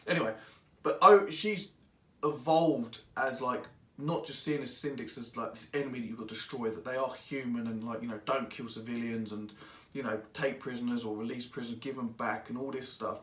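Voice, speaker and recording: A man reviewing a book in casual, rambling speech, excitable and quick to act out the characters. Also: medium pitch, distant mic. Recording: echoey room, voice away from mic.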